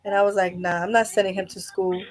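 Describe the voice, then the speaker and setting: Woman, mid pitch, mother, casual chat, relaxed, trails off quietly. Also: quick pace. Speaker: mother, former caregiver.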